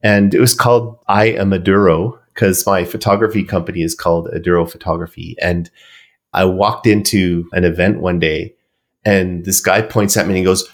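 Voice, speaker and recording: A man's voice: low-pitched, steady tone, normal speed. A man being interviewed on a podcast, telling long stories in a chatty, rambling way with filler words. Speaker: podcast guest. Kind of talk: casual storytelling in an interview.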